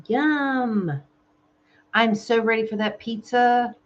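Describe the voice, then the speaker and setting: A woman with a Southern American accent chatting casually on a live stream from her home, soft-spoken and openly emotional. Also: fairly low pitch, measured pace, dull audio. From Southern United States. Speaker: ASMR channel host. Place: home in Thailand.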